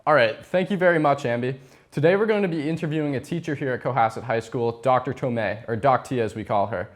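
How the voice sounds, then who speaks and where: A man's voice: medium pitch, fast talker. A teenage boy interviewing a teacher for a school TV show, polite and prompting. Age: teens. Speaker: student interviewer. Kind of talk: student TV interview.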